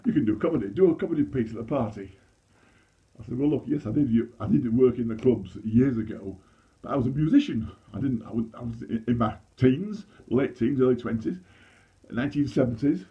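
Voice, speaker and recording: A man's voice: medium pitch, a little fast. A man in his sixties speaks in a Yorkshire accent, performing stand-up comedy in a chatty, self-deprecating way with frequent restarts. His voice sits in a middling register. The recording sounds a little dull and lo-fi. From Leeds, England. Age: 60s. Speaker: amateur comedian.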